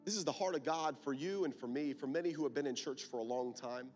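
A man's voice: medium pitch, quick pace, a little mellow, soft background music. A man preaching a sermon at a youth conference, emphatic and full of rhetorical questions.

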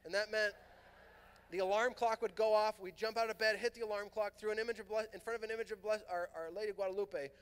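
High-voiced man telling a story in a big hall. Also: quick pace, clear, resonant tone. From Southern California. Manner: animated, acts out quoted dialogue. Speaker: priest and conference speaker. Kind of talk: storytelling talk to a youth conference. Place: large fieldhouse hall. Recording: long hall reverb.

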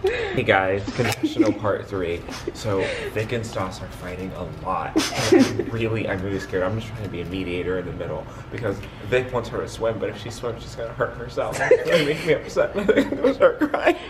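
A woman's voice: rumbling low, very animated, fairly quick. A woman friend giving a playfully dramatic mock confessional to camera. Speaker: friend on vlog. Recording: echoey room with loud noise.

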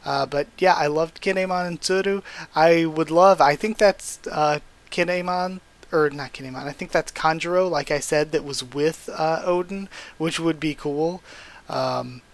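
A man's voice: on the high side, a little slow. A young man talking casually as a YouTuber about a comic chapter he just read, rambling, correcting himself and getting enthusiastic. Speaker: YouTuber reviewing a manga chapter. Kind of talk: casual fan commentary.

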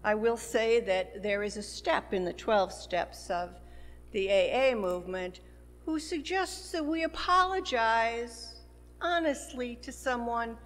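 Woman minister, sermon delivery, unhurried, in a sanctuary with long reverb. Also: a little high, animated, fairly bright tone. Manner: slow, measured preaching with rising emphasis. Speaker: pastor. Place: church sanctuary. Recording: long church hall reverb.

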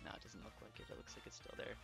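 Over soft background music, a man talks in a racing, slightly bright voice as he live-streams a game. Overexcited and trembling, he laughs and exclaims between apologetic ramblings, with the audio clipping on his desk mic.

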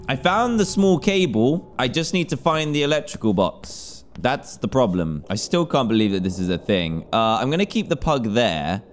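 Excitable young man playing horror game. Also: medium pitch. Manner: excitable, jumpy, yelps and panics at scares. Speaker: gaming YouTuber.

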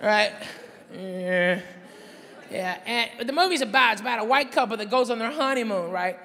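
A man doing a stand-up comedy routine on stage, telling a story loudly and conversationally, with asides to the audience. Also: sits high, expressive, in a large hall. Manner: loud, conversational, drawn-out storytelling with crowd asides. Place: stage before a live audience. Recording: live stage recording with crowd noise.

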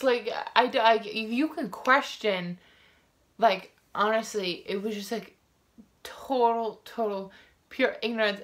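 A woman's voice: mid-range voice, fairly bright tone. Rambling woman telling a storytime vlog. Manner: rambling, full of "like" fillers and restarts; frank and indignant. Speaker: vlogger.

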